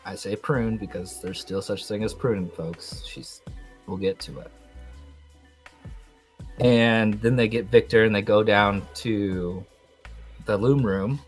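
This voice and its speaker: A young man hosting a podcast, recapping a TV episode in a rambling, excitable way with lots of fillers. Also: on the low side, slow, long pauses, soft background music. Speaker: podcast host.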